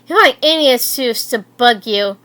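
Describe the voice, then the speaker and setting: A woman reading aloud and voicing an excitable teenage schoolgirl who is upset, in a high, emotional voice. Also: moderate pace.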